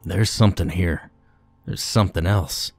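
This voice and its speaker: A man voicing a huge, frightened Marine with a very deep voice, murmuring uneasily. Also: moderate pace, faint music behind. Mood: uneasy.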